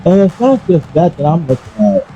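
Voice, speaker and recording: A man ranting casually about gaming and pausing often to apologize for his language. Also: fairly high pitch, soft background music. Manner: animated, apologetic asides, restarts. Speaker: gaming commentator. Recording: dull lo-fi, dry.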